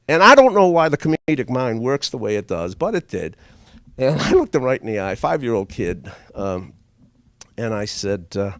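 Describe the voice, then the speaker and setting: A man's voice: mid-range voice, moderate pace, no echo. An older man telling a comic story to a live audience, chuckling as he goes. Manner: animated, chuckles through his own story.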